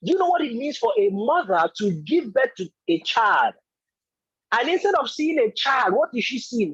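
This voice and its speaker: Guy coaching hard, husky voice, repeats himself a lot, dull dry online call sound. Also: extremely high pitch, very animated, normal speed, a bit bright, no echo. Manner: emphatic, repetitive, preaching. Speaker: business coach. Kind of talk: motivational talk.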